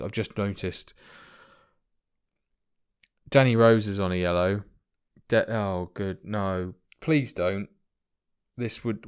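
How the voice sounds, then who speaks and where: A man giving chatty, excitable let's play commentary on a football management game, swearing casually. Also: medium pitch, clear, resonant tone.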